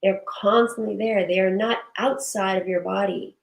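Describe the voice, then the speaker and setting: A woman leading a guided breathing and movement session, giving slow, soothing cues and affirmations. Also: medium pitch, fairly even intonation, creaky. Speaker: breathwork and wellness instructor. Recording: echoey room.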